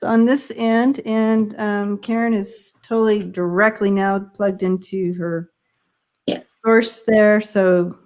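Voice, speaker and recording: A woman's voice: mid-range voice, steady tone, slow, darkish tone. A woman co-hosting a casual livestream on a video call. She talks in a friendly way, explains things and reads out the chat. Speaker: livestream co-host.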